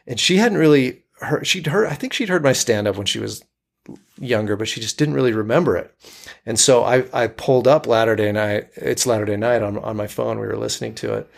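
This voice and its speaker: A comedian and actor from Utah, speaking with a fairly low, creaky voice, chats casually as an interview guest. He's hesitant, with frequent restarts and fillers.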